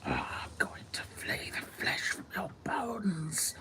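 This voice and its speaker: A man voicing a cruel, menacing dark wizard in a slow hissing whisper, a whispered role-play. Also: sits high, huge pitch swings, pitched above the performer's own voice, full character voice.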